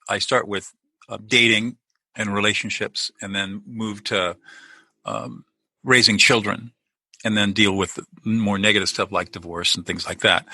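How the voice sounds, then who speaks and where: A man's voice: on the low side, bright, forceful tone, no room sound, rough recording. A middle-aged man, a lawyer turned peacemaker, explaining his ideas earnestly as a guest in a conversational interview, often restarting his sentences.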